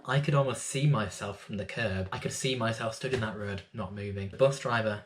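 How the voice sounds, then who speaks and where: A young man with a fairly low-pitched voice speaks in an earnest, reflective way. He sounds thoughtful and candid as he explains his own poetry straight to camera in a personal vlog. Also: a little fast, background noise.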